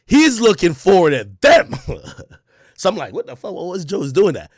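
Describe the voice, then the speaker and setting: A man tells a story to his stream viewers in a high, animated voice that leaps up and down in pitch. He curses freely and bursts into shouts when he reenacts moments. The sound is dry and close to the mic. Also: normal speed, slightly rough, dry recording.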